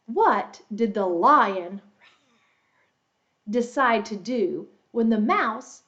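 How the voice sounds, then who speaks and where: A woman's voice: slow pace, lo-fi sound. A woman English teacher reading a children's story aloud, explaining words and quizzing her young listeners. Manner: animated, adds roars and squeaks for the animals.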